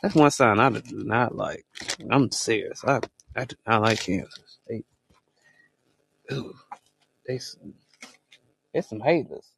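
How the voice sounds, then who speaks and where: A man co-hosting a podcast in casual chat, telling stories in slang with sudden high exclamations. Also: slow pace, gravelly, long pauses, fairly bright tone, breathy edge. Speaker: podcast co-host.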